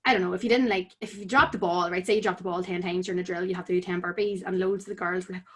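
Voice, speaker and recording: A woman's voice: fairly low pitch, steady tone, rapid-fire, husky. Young northern irish woman, casual podcast guest, chatty and rambling. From Tyrone, Northern Ireland. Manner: chatty, full of "like" fillers. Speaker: podcast guest, amateur boxer. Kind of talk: casual chat.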